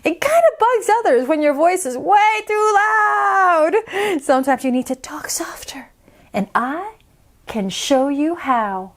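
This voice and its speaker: A patient, gentle teacher, as a woman reads her part. She speaks slowly and softly, in a calm, coaxing tone. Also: very high-pitched, creaky, pitched above the performer's own voice, heavily acted. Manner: calm, soft-spoken, coaxing. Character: patient, gentle female schoolteacher.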